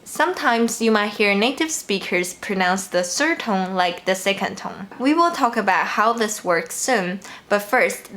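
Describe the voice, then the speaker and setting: A woman teaching a language lesson, explaining each rule carefully and repeating example words slowly. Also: medium pitch, fairly bright tone. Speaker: Mandarin teacher. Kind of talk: slow, clear language lesson narration.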